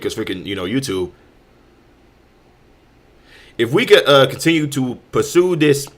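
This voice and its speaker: A man's voice: medium pitch, fairly bright tone. A man hosting a show, delivering heated commentary full of restarts, repeated words and swearing. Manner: heated, repetitive, stammering restarts with frequent profanity. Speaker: host. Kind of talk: ranting commentary.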